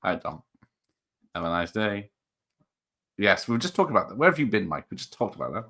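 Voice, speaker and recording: A man hosts a casual live stream and reads out viewer comments. He rambles and restarts, filling the gaps with ums and small chuckles. His voice sits a little low. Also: sing-song, brisk, sharp tone, breathy edge. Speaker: host of a live show.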